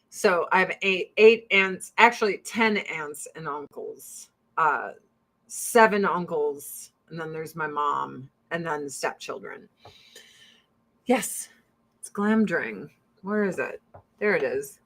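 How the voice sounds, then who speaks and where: A woman hosting a casual chat, telling family stories full of swearing and acting out her relatives' voices. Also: on the low side. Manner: profane, animated storytelling; acts out relatives in quoted voices. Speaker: host.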